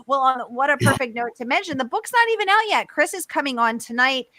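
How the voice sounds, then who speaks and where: A woman's voice: high-pitched, animated, a little fast, bright, forceful tone, dry recording, clean studio sound. A woman hosting a live online author event over a video call, upbeat and reading out audience comments. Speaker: host of a bookstore author event.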